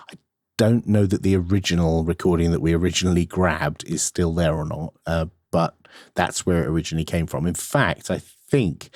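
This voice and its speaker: A man's voice: low voice, darkish tone, no echo, clean studio sound. A man co-hosting a casual tech podcast, explaining things in a matter-of-fact way with plenty of ums and uhs and reading out listener mail. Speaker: podcast co-host.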